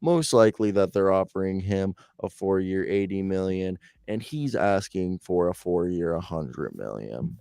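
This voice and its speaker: A young man with a lowish voice co-hosts a loose sports chat, cracking jokes and breaking into laughter between news items. The sound is dry and close, with no room around it. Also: animated, normal speed, vocal fry, few pauses, dark tone, clear, resonant tone, no echo. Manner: jokey, laughs often, reads news aloud. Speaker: co-host.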